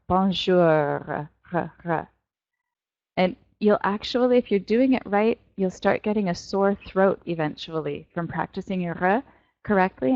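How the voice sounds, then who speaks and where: A woman teaching an online French class to young students, playful and animated as she explains pronunciation. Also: mid-range voice, no room sound, muffled recording. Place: virtual world classroom.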